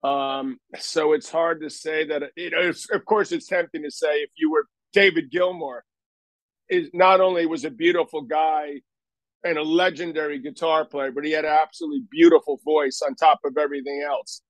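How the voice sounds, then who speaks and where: A man's voice: fairly high pitch, moderate pace, no echo, poor audio. An older man telling stories in a casual interview, rambling and self-deprecating with many restarts. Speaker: guest.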